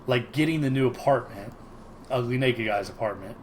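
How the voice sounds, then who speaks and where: A man co-hosting a casual podcast, rambling and restarting his sentences as he talks things through. His voice sits at an ordinary middle pitch. A faint noise hangs behind him on the video call. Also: moderate pace. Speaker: podcast co-host. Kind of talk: casual chat.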